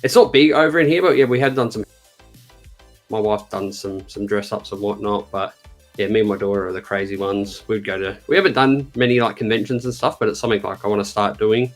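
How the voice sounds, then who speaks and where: A man's voice: on the low side, fairly quick, soft background music. A man speaking as a guest in a casual chat, hesitant and full of fillers.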